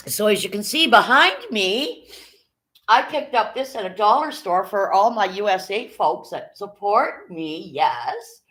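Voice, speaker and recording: A woman's voice: medium pitch, animated, a little slow, a bit bright. A middle-aged woman from Canada, chatting casually on a live stream, greeting viewers by name and swearing now and then. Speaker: livestream host.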